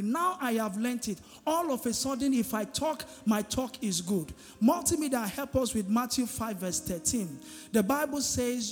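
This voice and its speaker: A man preaches with fervor, throwing questions to the congregation and waiting for their answers. His voice sits very high for a man. The sound comes through a microphone in a large hall with a long reverb tail and faint music underneath. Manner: emphatic preaching with call-and-response. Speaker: pastor. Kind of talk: sermon. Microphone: handheld microphone.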